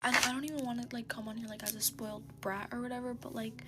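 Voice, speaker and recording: A teenage girl telling a storytime in a hushed, mostly whispered voice, tearful and exasperated. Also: a little high, flat delivery, fast talker, very noisy.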